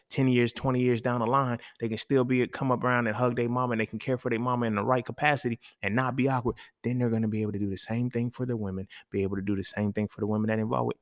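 A man's voice: medium pitch, no echo, clean studio sound. A man talking casually and emphatically, with profanity and speech, hosting a solo podcast. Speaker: podcast host.

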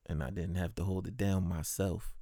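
A man's voice: low-pitched, steady tone, normal speed, dark tone, dry recording, clean studio sound. A man who works as a postal clerk, casually telling stories from his workday, swearing freely and mimicking the people he describes.

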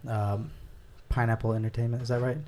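A man's voice: mid-range voice, level tone, brisk, a little mellow. Upbeat joking podcast host man. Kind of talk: casual podcast chat.

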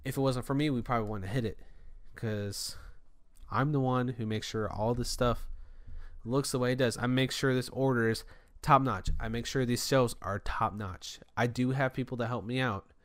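A man's voice: mid-range voice, fairly even intonation, normal speed, a bit bright, no echo, studio quality. A man who runs a store department, telling a rambling, frustrated story to his viewers in a casual rant. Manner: frustrated, venting.

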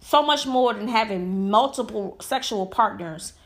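A woman's voice: a little high, a little slow. A woman giving a heated, emphatic opinion monologue full of rhetorical questions. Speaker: commentator.

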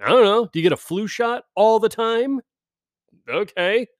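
A middle-aged man on a podcast, ranting sarcastically and swearing constantly, mocking people in high put-on voices. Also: moderate pace, no room sound, studio quality. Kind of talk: profane comedic rant. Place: California.

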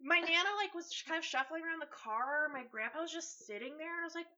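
A woman co-hosting a podcast, telling a family story in casual chat, animated and swearing freely as she acts out quotes. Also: high-pitched, quick pace, muffled recording, a crowd in the background. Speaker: podcast co-host.

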